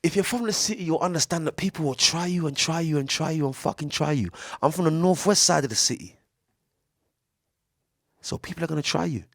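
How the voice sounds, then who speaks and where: Young man, swearing, lively preachy monologue, dry close studio sound. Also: fairly high pitch, fairly quick, creaky, no echo. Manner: preachy, profane, animated, swings between loud and hushed. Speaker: podcast speaker. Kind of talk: casual monologue. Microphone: studio mic.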